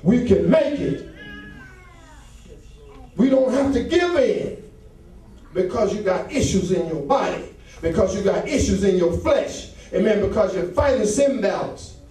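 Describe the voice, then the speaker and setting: A male associate pastor preaching a fervent sermon that swells into shouts, with call and response from the congregation. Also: sits high, animated, unhurried, pauses often. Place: church sanctuary. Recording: very echoey church hall, mic far off.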